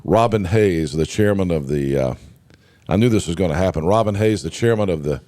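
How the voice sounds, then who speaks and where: A man hosting a morning radio talk show, his voice hoarse from a lingering cold. He speaks in a lowish register and rambles loosely, filling his sentences with ums and uhs. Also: brisk, mellow. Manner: rambling, chatty, many fillers. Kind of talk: casual morning show banter.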